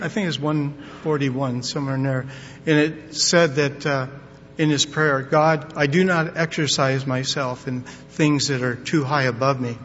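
An older man preaches in a folksy, emphatic way, sprinkling in corny jokes. His voice sits fairly high for a man. The recording is dull and lo-fi, with a long hall reverb and a faint rumble underneath. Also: a bit bright. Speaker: pastor. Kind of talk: sermon. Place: church sanctuary.

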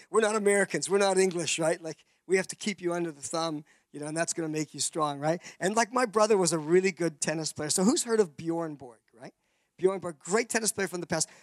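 High, gravelly man preaching. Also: no echo. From Canada. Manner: rambling, many restarts, acts out voices. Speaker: speaker giving a testimony. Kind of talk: sermon testimony, storytelling.

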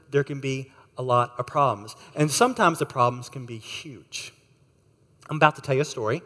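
A man preaching a sermon, telling a story with lively acted-out voices and asking the listeners questions. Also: on the high side, long reverb tail. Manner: animated storyteller, acts out voices. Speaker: pastor.

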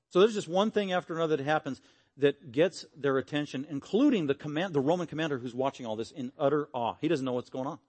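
An earnest, animated man preaching a sermon and closing in prayer. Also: on the high side, fast talker, breathy edge. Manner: earnest, animated, acts out quotes.

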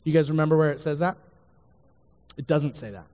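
A man's voice: fairly high pitch, fairly quick, dark tone. A man preaching a sermon as a youth pastor, speaking earnestly to his listeners and repeating the key lines. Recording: long hall reverb.

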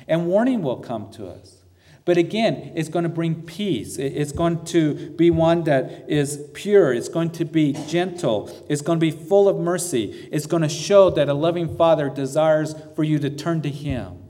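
A man's voice: fairly high pitch, dark tone, long reverb tail. A man preaching a sermon as pastor, earnest and asking the congregation rhetorical questions.

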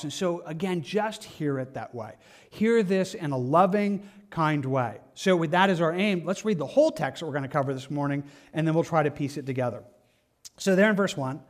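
Man, pastor, sermon, earnest and conversational, high voice. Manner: earnest and conversational, acts out quoted lines.

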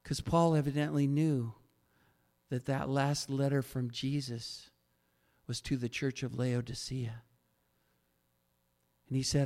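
A man preaching a sermon as pastor, telling stories with animated swings and sudden loud peaks. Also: medium pitch, slow pace, pauses often. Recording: long reverb of a large hall.

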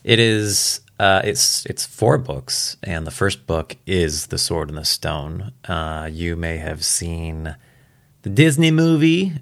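A man's voice: low-pitched, expressive, takes it slowly, gravelly, fairly bright tone. A man casually talking about books to camera, rambling and chatty with amused asides. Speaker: book vlogger. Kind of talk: casual book talk.

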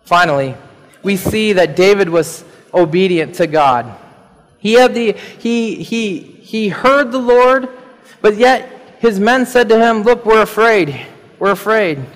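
High-voiced pastor preaching in a reverberant hall. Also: male voice, slow. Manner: animated, rising to emphatic peaks with chuckles. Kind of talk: sermon.

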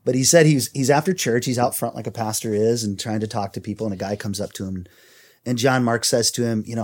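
A man co-hosts a Christian podcast, talking earnestly in a faith-centered conversation and reading quotes aloud. His voice is medium-pitched and brisk, with lively intonation.

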